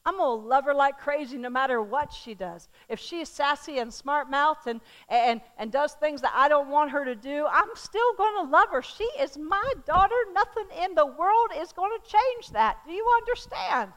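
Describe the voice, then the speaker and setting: A middle-aged woman preaching a sermon, swinging from loud calls to the crowd down to soft, hushed words. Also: high voice, moderate pace, few pauses. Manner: animated, shifting from loud calls to soft near-whispers.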